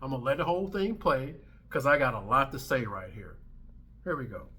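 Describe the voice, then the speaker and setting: A man's voice: mid-range voice, big pitch swings, a little fast, bright, forceful tone. A man in his thirties hosting a commentary vlog, ranting in a brash, emphatic way and swearing freely. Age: 30s. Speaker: commentary channel host.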